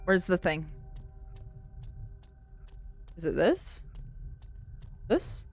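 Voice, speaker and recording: A woman streaming a game, chatting easily with her viewers. Her pitch rises and falls a lot as she talks, and she reads in-game notes aloud between remarks. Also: very animated, slow pace, faint music behind. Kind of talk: casual gameplay commentary.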